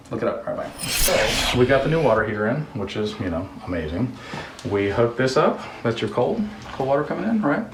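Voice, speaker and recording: A man's voice: mid-range voice, slight background noise. A man hosting a home repair video who rambles through a story with jokey asides, then explains plumbing steps casually. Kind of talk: casual storytelling and DIY instruction. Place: work area during a water heater install. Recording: echoey room, mic at a distance.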